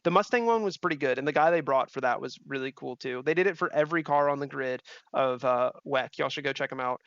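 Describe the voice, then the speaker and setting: A man's voice: mid-range voice, fast talker, creaky, fairly bright tone, no echo, lo-fi sound. A young man doing casual, slangy and profane livestream commentary while he drives a racing game. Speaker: sim racing streamer. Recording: engine noise of a racing game behind. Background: car engine and game sounds.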